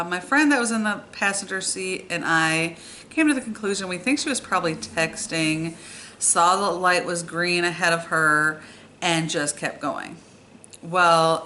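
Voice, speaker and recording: A woman's voice: on the low side, pushed and bright, slight background noise. A middle-aged woman telling a personal story in a chatty way, with many fillers. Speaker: vlogger. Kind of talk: storytime vlog.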